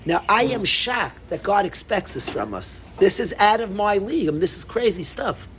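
Emphatic high-voiced rabbi. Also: male voice, moderate pace, slight background noise. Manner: animated, repetitive, emphatic bursts. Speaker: yeshiva rabbi. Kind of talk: Torah talk to students.

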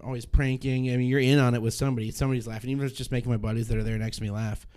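Man, young adult, stand-up comedian, casual podcast talk, rambling, self-interrupting, mid-pitched, swears casually. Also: flat delivery, very fast, darkish tone, clear, resonant tone.

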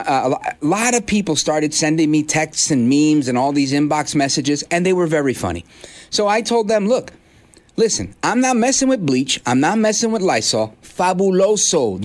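A man's voice: a little high, big pitch swings, moderate pace. A man hosting a talk radio show from a studio, delivering a fired-up, rhetorical opinion monologue in punchy bursts into a studio microphone. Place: radio studio in a high-rise.

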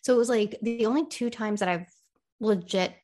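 Animated young woman telling stories. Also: mid-range voice, moderate pace, faint music behind. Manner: animated storyteller, acts out quoted arguments. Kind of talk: casual chat.

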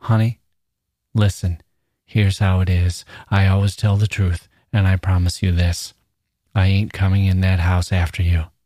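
A man doing a soft-spoken, coaxing menacing young man. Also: deep voice, level tone, unhurried, no echo, clean studio sound.

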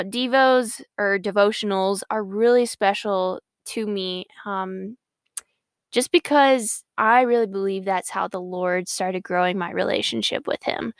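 A woman's voice: medium pitch, clear, resonant tone, no echo, studio quality. A young woman hosting her faith podcast, talking in a bubbly, earnest, rambling way. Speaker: podcast host. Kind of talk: casual Christian podcast monologue.

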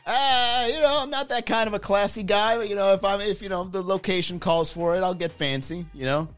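A man's voice: sits high, a little fast, fairly bright tone, smooth, soft background music, pitched above the performer's own voice. A man acting out a tipsy guy who puts on fancy, self-important airs. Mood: mock-fancy. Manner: mock-posh, self-important.

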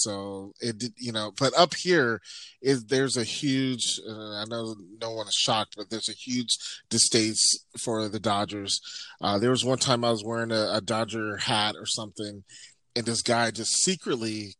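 A man's voice: fairly low pitch, fairly even intonation, measured pace, pushed and bright, dry recording. A man of forty from Southern California in a casual chat, telling rambling stories full of fillers and restarts. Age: 40s.

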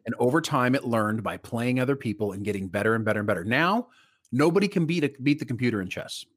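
A man's voice: mid-range voice, fast, breathy edge. A man co-hosting a live show, talking casually with lots of "like" and a curse here and there. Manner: relaxed, swears casually, fills with "like". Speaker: co-host. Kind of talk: casual chat.

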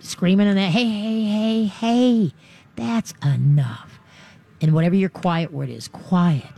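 A woman's voice: fairly low pitch, gravelly, darkish tone. A woman hosting a call-in radio show, coaching listeners on dog training in a chatty, encouraging way, and often acting out voices for owners and dogs.

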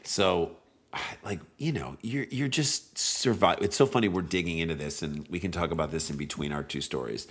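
A middle-aged man with a low voice chats as a podcast guest. He is from St. Louis. He tells stories in a casual, animated way and slips into the voices of the people he quotes. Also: normal speed. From St. Louis, USA. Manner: animated, acts out quoted speech.

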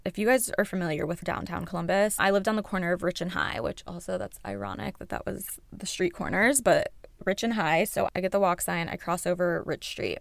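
A young woman with a low, gravelly voice tells her own story on her podcast. She speaks candidly, swears freely and acts out what she was thinking at the time. The sound is dry and close, with no room echo. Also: fairly quick. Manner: candid, swears freely, relives moments in quoted thoughts. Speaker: podcast host. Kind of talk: personal storytelling.

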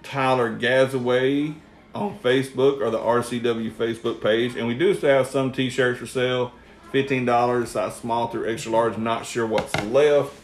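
A man's voice: mid-range voice, fairly even intonation, normal speed. A man telling rambling, profane stories with lots of laughter on a casual podcast. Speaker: guest storyteller. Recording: roomy echo.

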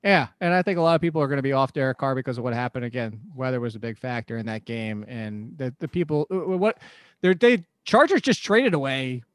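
A man's voice: medium pitch, fast. A man co-hosting a podcast, chatting about fantasy football in an analytical way and laughing often. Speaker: podcast co-host.

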